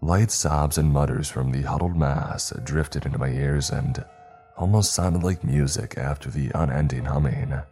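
A man with an extremely low, deep voice narrates a horror story in a measured, steady way. Faint music hums quietly beneath his reading.

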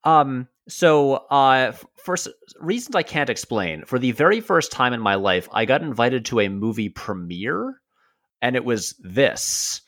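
A man's voice: medium pitch, expressive, a little slow, a bit bright. A man guesting on a film podcast, telling a story in a hesitant, rambling, self-amused way. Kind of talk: casual anecdote.

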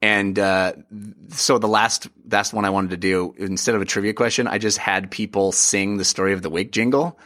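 A man hosting a podcast, upbeat and excitable, chatting casually about games with plenty of fillers. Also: fairly low pitch, normal speed. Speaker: podcast host. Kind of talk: casual chat.

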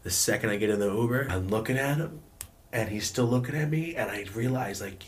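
A young man telling a story about a bad work partner straight to camera, animated and full of swearing, with bursts of shouting and laughing. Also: fairly low pitch, brisk. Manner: profane, animated storytelling with outbursts. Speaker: vlogger.

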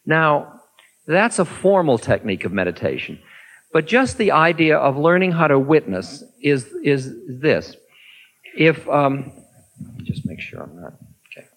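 Animated male meditation teacher. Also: fairly high pitch, poor audio. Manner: animated, acts out inner thoughts in little voices. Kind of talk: answering an audience question in a talk.

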